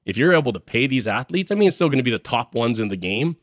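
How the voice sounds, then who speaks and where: A man's voice: mid-range voice, very animated, fast, no echo, clean studio sound. A man from Canada co-hosting a sports podcast, talking in an upbeat, jokey and rambling way. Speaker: podcast co-host. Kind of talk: casual sports chat.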